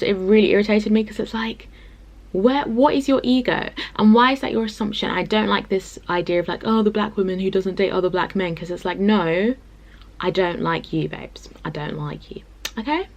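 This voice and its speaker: A young woman vlogging casually and retelling an annoying encounter with lively exasperation. She keeps repeating her phrases for emphasis. Her mid-pitched voice has a gravelly fry. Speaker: playwright vlogger. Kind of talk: casual vlog storytelling. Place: hotel room.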